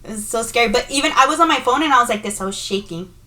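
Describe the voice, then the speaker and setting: A young woman with a slightly high voice, telling a story casually on a podcast. She acts out the voices of the people in it and keeps the tale animated. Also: racing. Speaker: podcast co-host.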